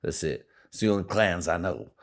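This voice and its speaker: A man's voice: sits low, animated, moderate pace, vocal fry. A man from California hosting a podcast, talking in a rambling, profane comic monologue and often laughing at his own jokes. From California, USA. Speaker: podcast host.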